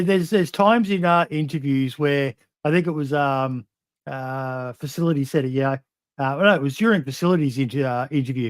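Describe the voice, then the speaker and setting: A man's voice: medium pitch, no echo. A man hosting a podcast, chatting casually and hesitantly with plenty of "um"s. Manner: hesitant, lots of "um" and "uh". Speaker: podcast host. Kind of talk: casual chat.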